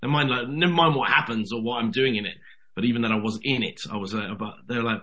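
A British man, an actor, telling stories in a casual interview, animated and chatty, dropping "mate". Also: fairly low pitch, quick pace. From Britain. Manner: animated storyteller, says "mate". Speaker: actor guest.

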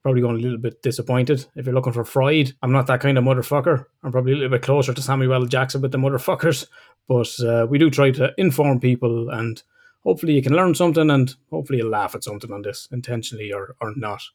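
A man's voice: medium pitch, steady tone, fast talker, a little mellow. A man hosting a casual podcast, talking bluntly, swearing freely and laughing often. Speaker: podcast host.

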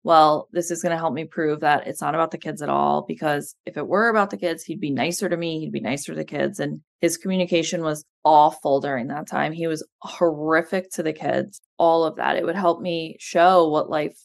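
A woman from New Jersey, a guest in an interview, giving an earnest, steady personal account with a lot of "you know" and "like". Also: sits low, brisk, creaky, few pauses, dry recording, studio quality. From New Jersey, USA. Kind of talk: candid personal account in conversation.

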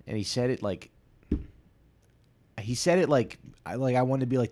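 A man's voice: mid-range voice, moderate pace, pauses often, a little mellow. A man in his thirties hosting a casual solo podcast, telling rambling, self-deprecating stories full of asides and restarts. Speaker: podcast host.

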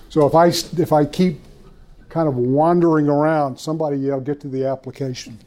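A man's voice: a little high, fairly even intonation, a little fast, dark tone. An older man giving a folksy, rambling church teaching talk to a room of people, with stories, restarts and repeated words. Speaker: speaker at a church conference.

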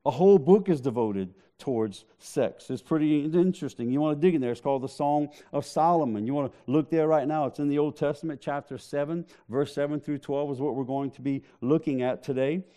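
A man's voice: fairly high pitch, fairly quick, hardly any pauses, mellow. A man preaching a sermon, joking with the congregation in a conversational way. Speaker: pastor.

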